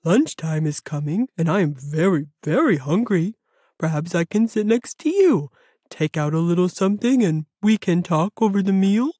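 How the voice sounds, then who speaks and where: A woman voicing a kind, gentle male bear who talks in a calm, reassuring way, in a children's audiobook. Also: on the low side, husky, no echo, clean studio sound. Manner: warm, calming, slow and reassuring.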